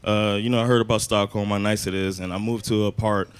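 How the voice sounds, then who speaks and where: An American man performing a loose, conversational stand-up comedy set in a club, switching to loud shouted voices for his acted bits. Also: fairly low pitch, flat delivery, quick pace, clear, resonant tone. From United States. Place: comedy club stage with a laughing audience. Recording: live club recording with audience noise.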